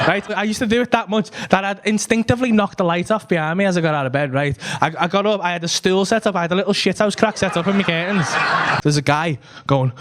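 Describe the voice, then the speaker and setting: A man telling a story in stand-up, acting out the characters in shouted voices, recorded live in a comedy club with audience laughter. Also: a little high, very fast.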